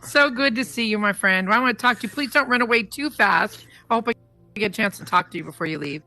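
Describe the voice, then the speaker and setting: A woman hosts a talk show in a virtual world, chatty and effusive as she greets her audience. Her voice is bright, and soft guitar music plays faintly behind her through the headset mic. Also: medium pitch, quick pace, no room sound.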